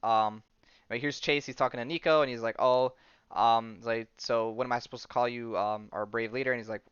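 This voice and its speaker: A man's voice: mid-range voice, fairly even intonation, brisk, a bit bright, clean tone, no room sound. A young man hosting a podcast, recapping a comic book in a casual, rambling, enthusiastic way, full of ums, restarts and slang. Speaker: podcast host. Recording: dull lo-fi sound, dry.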